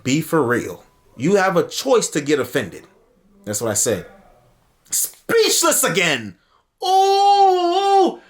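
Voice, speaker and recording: A man telling a story in an animated commentary video, swearing casually, acting out what people said and laughing often. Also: mid-range voice, normal speed. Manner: lively, swears casually, acts out quotes.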